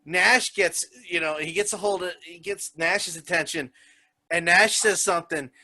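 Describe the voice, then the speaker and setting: A man hosting a casual wrestling podcast, telling stories in an animated way and laughing often. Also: high-pitched, normal speed. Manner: animated storyteller who laughs a lot. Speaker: podcast host.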